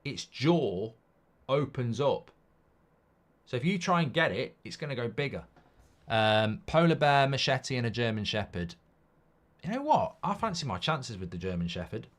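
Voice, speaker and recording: A man hosting a live football watchalong, chatting casually and reading out viewer comments. He rambles in an animated way, swears freely and riffs on silly hypotheticals. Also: mid-range voice, normal speed.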